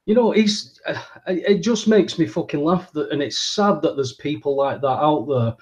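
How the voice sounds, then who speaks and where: A man's voice: on the high side, moderate pace, darkish tone. A man, co-hosting a casual podcast, blunt and scornful with heavy swearing. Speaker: podcast co-host. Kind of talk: casual chat.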